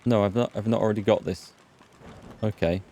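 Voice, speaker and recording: A man's voice: fairly low pitch, fairly even intonation, a little fast, warm tone. An English man rambling through casual let's play commentary as a gaming host. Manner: rambling, chatty, restarts often. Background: faint game music.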